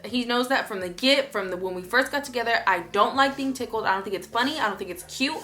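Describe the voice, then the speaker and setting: Chatty young woman with a bright voice. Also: on the high side, fast, hardly any pauses. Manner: chatty, rambling, with many fillers and restarts; acts out her own past lines with sudden loud outbursts. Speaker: vlogger. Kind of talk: casual storytime vlog.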